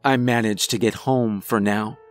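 A man narrating a first-person horror story in a measured, grave scripted delivery. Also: lowish voice, fairly even intonation, soft background music.

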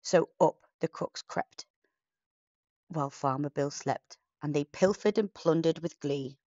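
Casting: woman, slow, lowish voice, rhyming bedtime story narration, dry and slightly lo-fi. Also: mellow, no room sound.

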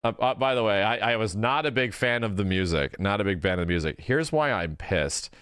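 A man's voice: on the low side, expressive, a little fast, a bit bright, smooth, no echo, studio quality, soft background music. A man hosting a casual gaming reaction video, talking loosely and breaking into exasperated, ranting outbursts.

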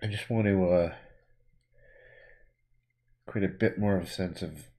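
A man's voice: sits low, measured pace, dark tone. A man talking casually on a livestream as he paints, rambling and laid-back, swearing now and then. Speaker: painter streaming his work.

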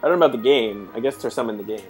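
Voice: medium pitch, very fast, soft background music. A young adult co-host chatting casually over a video game, playful and teasing, laughing often. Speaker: let's play co-host. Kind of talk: casual gaming chat.

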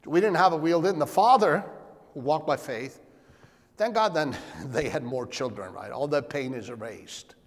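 A man preaching a sermon as pastor, asking rhetorical questions and calling for amens. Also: moderate pace. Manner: animated, shifting pitch and volume. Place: church sanctuary. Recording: long hall reverb.

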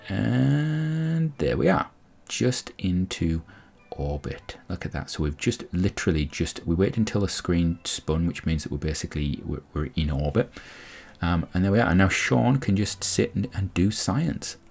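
A man's voice: sits low, moderate pace, vocal fry, breathy edge. A man giving casual, rambling commentary on a space game, explaining each step as he goes. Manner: rambling, explanatory, frequent restarts. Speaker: gameplay commentator.

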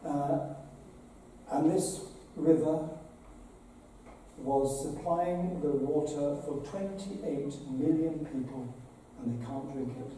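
A man's voice: on the high side, slow pace, dark tone. A man, a bishop, giving an earnest, conversational address to an assembly, with dramatic retellings. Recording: very echoey hall, voice from far off, faint noise.

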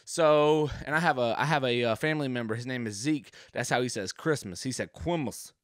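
A man's voice: medium pitch, fairly quick, a bit bright, dry recording, studio quality. A young man hosting a podcast from his home game room, rambling in a jokey, casual monologue. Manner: rambling, jokey, does voices. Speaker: podcast host.

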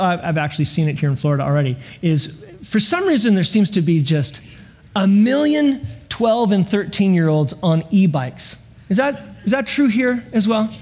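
A man preaching a sermon as guest pastor, animated and storytelling with laughs and playful sound effects. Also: high voice. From California. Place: church sanctuary.

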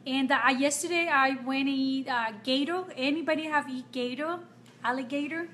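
A woman from Nicaragua, chatting casually with viewers on a live stream as a makeup artist, talkative and quick to laugh. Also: high-pitched, a bit bright, slight background noise.

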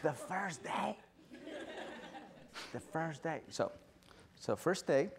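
A man giving an animated storytelling talk at an event, now and then acting out excited dog lovers in high squealing voices. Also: takes it slowly, vocal fry. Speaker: dog behaviorist speaker. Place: event stage.

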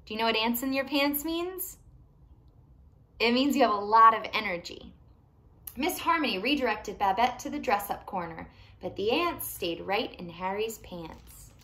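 Woman, children's storytime reader, animated, questions to kids, lively pitch. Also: moderate pace. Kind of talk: reading a picture book aloud to young children.

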